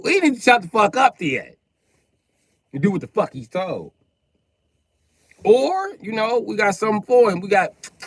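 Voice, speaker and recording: Brief: male stand-up type, AAVE, lively swooping pitch, dry close sound, profane rant. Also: breathy edge, no echo. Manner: profane, animated, acts out characters with shouted voices. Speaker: comedian livestreaming. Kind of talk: comedic rant.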